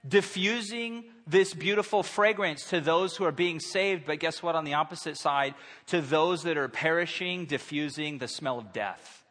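A man in his thirties preaching a sermon in a church, conversational and animated, acting out quotes. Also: fairly high pitch, moderate pace. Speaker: pastor. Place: church sanctuary. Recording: long hall reverb.

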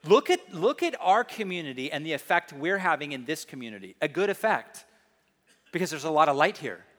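A man preaching in a church sanctuary, his voice bright and edged, sitting a little high. He drives his points home with emphasis and breaks into playful asides. A long reverb from the large hall trails after his words. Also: very animated, brisk. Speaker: pastor. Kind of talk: sermon.

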